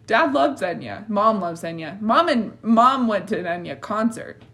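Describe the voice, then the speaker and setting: A woman's voice: medium pitch, lively intonation, normal speed, fairly bright tone. Young woman podcast host with uptalk. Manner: uptalk, statements rising like questions. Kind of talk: casual chat.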